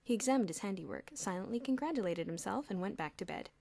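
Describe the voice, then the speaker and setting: A woman's voice: medium pitch, animated, fast, vocal fry, mellow. A woman narrating an audiobook expressively, with audible lip-smacking. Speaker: audiobook reader. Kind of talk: storybook narration. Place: home room with traffic nearby.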